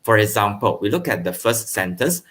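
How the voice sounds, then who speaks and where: A man teaching primary school grammar online, explaining slowly and checking understanding with "okay", with brief bits of Mandarin. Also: lowish voice, big pitch swings, a bit bright. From Malaysia. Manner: switches into Mandarin for translations.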